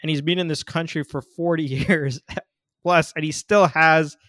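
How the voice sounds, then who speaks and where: A man's voice: on the high side, fairly even intonation, normal speed, a bit bright, studio quality. A man interviewing a guest, repeating key points back and asking follow-up questions. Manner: engaged, echoes and follows up on answers. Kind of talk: conversational interview.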